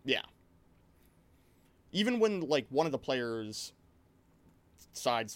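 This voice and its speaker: Male game master, average pitch, rambling animated storyteller, casual chat. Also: measured pace, pauses often, no echo.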